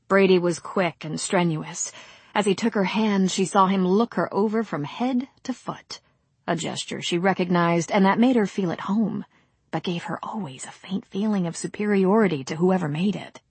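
A woman's voice: on the low side, normal speed, darkish tone, slightly rough, no echo. Woman reading a novel aloud, really airy voice, dead dry sound. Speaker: narrator. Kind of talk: audiobook narration.

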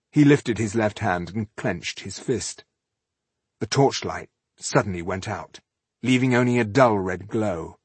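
A man reading a fantasy novel aloud in a steady, even storytelling manner. His voice sits low with a husky grain, recorded close and dry. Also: unhurried, dry recording. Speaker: audiobook narrator. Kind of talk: scripted fantasy narration.

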